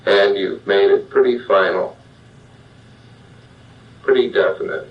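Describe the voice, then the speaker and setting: An older man, a psychologist, giving a measured self-help talk straight to the listener. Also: fairly low pitch. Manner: plain, measured, addresses the listener directly. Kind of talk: slow guided self-help monologue. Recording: dull lo-fi sound, distant from the mic.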